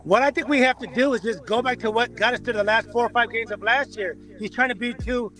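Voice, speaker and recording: A man from California, a Rams fan, chatting in a casual sports talk show, animated and laughing often. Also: very high voice, fast talker, rough recording. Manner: animated, laughing, repeats himself.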